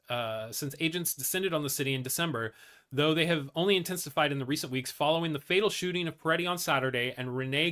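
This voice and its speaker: A man's voice: fairly high pitch, pushed and bright. A man hosting a casual news commentary show, reading articles aloud with blunt, profane asides and many fillers and restarts.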